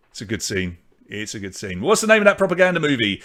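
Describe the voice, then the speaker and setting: A man hosting an online pub quiz, reading out questions, answer options and scores in a brisk, chatty way. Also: medium pitch, sing-song, fairly bright tone. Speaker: quiz host.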